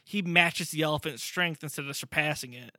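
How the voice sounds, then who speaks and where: A young man with a fairly high, bright, forceful voice, co-hosting a casual podcast. He recaps a comic story with energy, jumping into quick voices for the characters. The sound is close and dry, with no room around it. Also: no room sound. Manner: animated, acts out characters in quick bursts. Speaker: podcast co-host.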